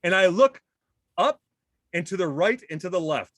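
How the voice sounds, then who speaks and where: A man's voice: high-pitched, moderate pace, no echo, clean studio sound. A man telling a funny story in a casual chat, acting out voices with self-deprecating humor. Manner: animated, acts out voices in his story.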